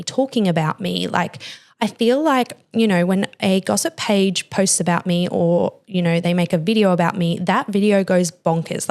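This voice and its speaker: A woman's voice: fairly low pitch, darkish tone. A young woman hosting a podcast, speaking candidly and emotionally, with many "like" fillers. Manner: emotional, confessional, heavy use of "like". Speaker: podcast host. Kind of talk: candid personal podcast talk.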